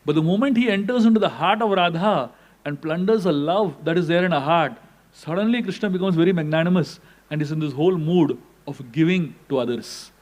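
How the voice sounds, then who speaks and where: A man giving a scripture class as a spiritual teacher, telling the story in an animated way and acting out the dialogue. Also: fairly high pitch, a little fast.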